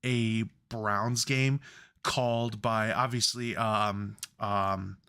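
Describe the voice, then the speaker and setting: A man's voice: lowish voice, steady tone, very slow, sharp tone, smooth. A man co-hosting a sports podcast, chatting casually, rambling and swearing freely when worked up. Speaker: podcast co-host.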